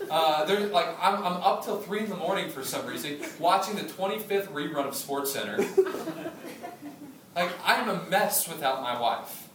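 A man in his thirties delivers a sermon with a slightly high voice, moving between scripture reading and playful, storytelling asides. He is picked up from some distance in an echoey church hall, with faint room noise behind him. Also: normal speed. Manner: conversational preaching, humorous asides, animated storytelling. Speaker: pastor.

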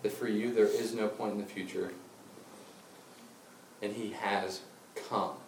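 A man preaching a sermon, telling a Bible story with lively acted-out voices and then slowing into quiet, intense appeals. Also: fairly low pitch, a little hiss or hum. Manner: animated storytelling, acting out quotes, dropping to quiet intensity. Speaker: pastor. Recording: roomy and distant with faint ambience.

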